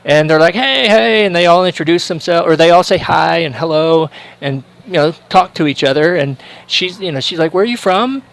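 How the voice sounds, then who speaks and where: A male commentator with a fairly high voice passes the time on a sports livestream with casual chat. He rambles from one thought to the next, and his talk is packed with fillers, restarts and asides. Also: steady tone, fairly quick, gravelly, few pauses, rough recording.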